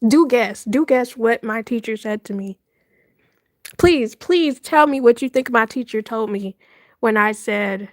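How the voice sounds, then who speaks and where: A woman hosting a livestream, telling a story in casual chat, animated and laughing often with dramatic retelling. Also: a little high, unhurried, no room sound, clean studio sound. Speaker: livestream host.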